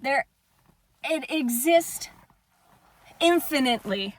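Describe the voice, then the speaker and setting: A young woman in an impassioned personal monologue, swearing fiercely, swinging between shouting and hushed calm. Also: high-pitched, slow. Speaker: spiritual vlogger.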